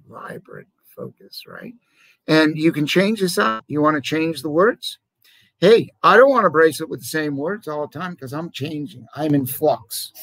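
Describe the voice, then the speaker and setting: Animated man with a lively high voice. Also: gravelly, dry recording, poor audio. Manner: animated, rambling, emphatic. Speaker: jewelry business owner. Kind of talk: casual talk to camera.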